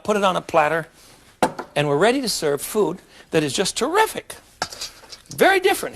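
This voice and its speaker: In a studio kitchen, a man with a slightly high voice hosts a cooking demonstration, talking in a folksy, chatty way full of jokes and asides. He gets excitable whenever he's enthused.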